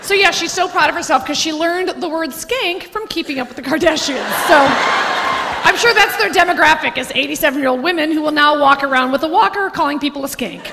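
A woman performing stand-up comedy, brash and fast-talking, swearing freely. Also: sits high. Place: large venue before a loud audience. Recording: live hall with loud crowd noise.

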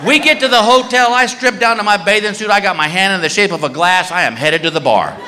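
A man telling a stand-up comedy story on a live stage, acting out voices with shouts and yelps. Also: high-pitched, fast talker, slight background noise. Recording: echoey hall with faint ambience.

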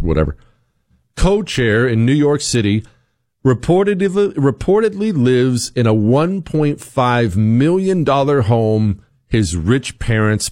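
A man's voice: medium pitch, darkish tone. A man hosting a talk show, delivering an opinionated commentary monologue with sarcasm and repeated rhetorical questions. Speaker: show host.

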